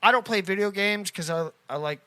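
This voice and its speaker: A man's voice: high-pitched, fairly quick, bright, forceful tone, clean tone. A man co-hosting a podcast in casual chat, talking in a crude, joking and provocative way. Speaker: podcast co-host.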